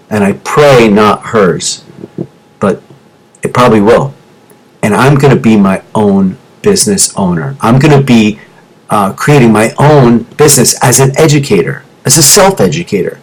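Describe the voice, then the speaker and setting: A man in his forties, a former music teacher, giving a motivational talk to teachers over a teleconference. He tells his story with feeling, dropping low and quiet in the painful parts and rising for emphasis. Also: lively intonation, moderate pace, breathy edge, rough recording. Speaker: teacher turned business coach. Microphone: teleconference microphone.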